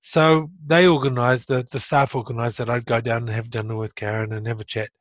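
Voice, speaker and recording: With a medium-pitched voice and a brisk pace, a middle-aged guest relates his stroke recovery in a casual conversation, no room sound audible. He is blunt and earnest, and he gets animated when retelling.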